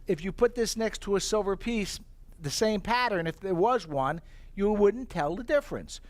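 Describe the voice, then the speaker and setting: A middle-aged man pitching tableware in a live demonstration, his voice sitting a little high for a man. He spins anecdotes and acts out his own reactions with lively energy. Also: normal speed.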